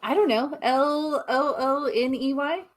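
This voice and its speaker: A woman's voice: high-pitched, a little slow. A woman co-hosting a podcast, casual and a little hesitant, often trailing off. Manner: hesitant, soft-spoken, trails off. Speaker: podcast co-host. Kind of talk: casual chat.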